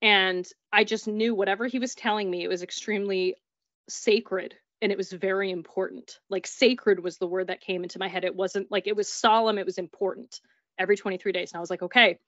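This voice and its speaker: A woman's voice: medium pitch, fairly even intonation, brisk, a bit bright, dry recording. A woman telling of paranormal experiences in a chatty, casual way, full of "like" and acted-out dialogue. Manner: chatty, peppered with "like", acts out dialogue. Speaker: guest recounting paranormal experiences. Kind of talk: casual storytelling. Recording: dull, dry recording.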